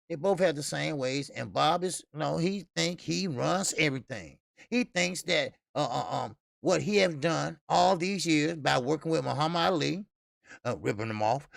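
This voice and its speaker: Gravelly, profane boxing stream host, a man. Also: on the high side, dry recording, clean studio sound. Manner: loose, profane, shouts out chat viewers, laughs often. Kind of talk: casual livestream chat.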